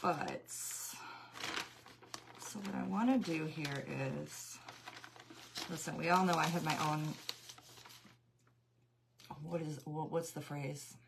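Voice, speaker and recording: A woman with a lowish voice hosts a craft livestream, chatting casually and greeting viewers by name as she paints. Her voice keeps going in and out. Loud machine noise runs underneath the whole recording. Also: slow pace, gravelly, long pauses.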